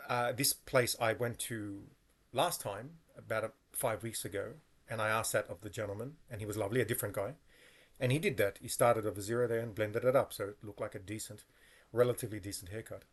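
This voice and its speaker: Man telling a story, rambling with self-corrections. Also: lowish voice. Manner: meandering, with frequent fillers and self-corrections. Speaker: vlogger. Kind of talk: casual storytelling monologue.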